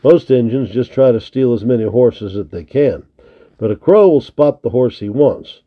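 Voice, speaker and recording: A man reading the part of an experienced trapper in charge of the night guard, brisk and firm. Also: mid-range voice, lightly acted. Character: experienced watchful male trapper, head of the guard. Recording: tinny narrow lo-fi recording.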